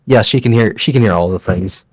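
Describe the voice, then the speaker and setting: A man's voice: on the low side, fairly quick, slightly rough, dry recording. A man, a tabletop player, tossing out laid-back quips in casual chat on a video call. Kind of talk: casual chat during a game break.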